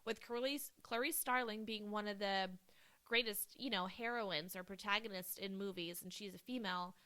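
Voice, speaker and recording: A woman's voice: medium pitch, normal speed, sharp tone. A woman co-hosting a casual movie podcast, gushing with enthusiasm and peppering her talk with "like" and "um.". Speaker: podcast co-host.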